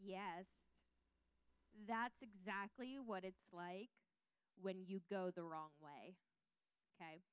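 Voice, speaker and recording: A woman teaching a Bible lesson, reading scripture aloud with lively voiced quotes and checking in with her listeners. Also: medium pitch, slow, pauses often, clean tone, no room sound.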